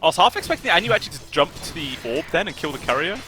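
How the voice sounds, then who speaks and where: Bright, lively esports play-by-play man. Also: a little high, racing. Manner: excitable, rises sharply on big plays. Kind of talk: live esports play-by-play commentary.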